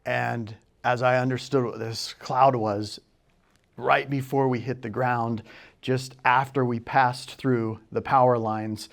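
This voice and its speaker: A young man telling a personal story, moving from hushed and quiet to loud and excited. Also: medium pitch, vocal fry. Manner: quiet and hushed in places, then loud and excited, acting out shouts.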